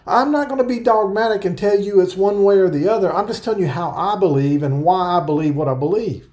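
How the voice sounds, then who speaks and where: A man preaching an earnest verse-by-verse sermon, explaining scripture and reading passages aloud slowly. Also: high voice, darkish tone. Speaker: pastor. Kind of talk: Bible-teaching sermon.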